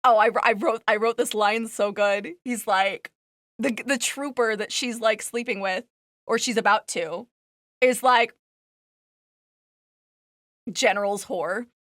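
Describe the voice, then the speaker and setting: A woman's voice: on the high side, steady tone, unhurried, fairly bright tone, no echo, clean studio sound. A woman streamer in casual chat, rambling with lots of fillers and laughing as she tells a story.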